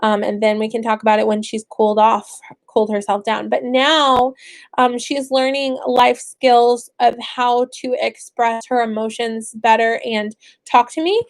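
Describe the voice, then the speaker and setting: High-voiced young mother chatting. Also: measured pace. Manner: chatty, animated, acts out what she tells her kids. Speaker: stay-at-home mother starting homeschooling. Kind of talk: casual vlog chat.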